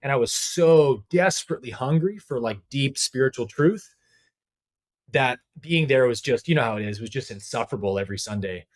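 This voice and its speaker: A man at a middle pitch tells a personal story as a podcast guest. He talks in a candid, animated, conversational way, using plenty of casual fillers. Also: a little fast. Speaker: podcast guest, spiritual teacher.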